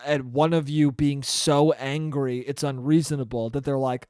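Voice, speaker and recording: A man's voice: mid-range voice, steady tone, normal speed, few pauses, a little mellow, clear, resonant tone, no room sound, studio quality. A young man hosting a solo comedy podcast, ranting animatedly with profanity and acting out little bits of dialogue. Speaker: podcast host.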